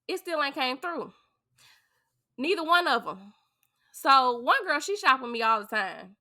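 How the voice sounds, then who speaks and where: A woman from St. Louis, a podcast guest and beauty business owner, telling a story in a chatty, animated way. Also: a little high, slow pace, pauses often. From St. Louis, USA. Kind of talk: casual storytelling.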